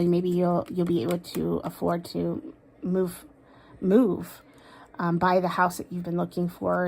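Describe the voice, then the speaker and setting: A woman giving a casual tarot card reading to her viewers, halting and full of "um"s. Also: fairly low pitch, vocal fry, darkish tone. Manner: halting, many "um"s, emotional. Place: home room with a desk.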